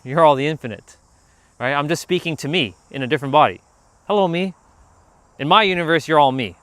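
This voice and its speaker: A man's voice: on the high side, a little fast, no echo. Man rambling on an outdoor livestream. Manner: rambling, animated, calls out to passersby. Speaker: livestream host. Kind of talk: casual outdoor livestream chat. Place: outdoors near a park.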